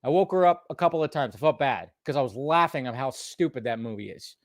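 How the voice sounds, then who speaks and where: A man in his thirties hosting a casual stream, telling a story in an animated way, swearing and raising his voice at times. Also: medium pitch, fast, dry recording, clean studio sound. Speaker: podcast host.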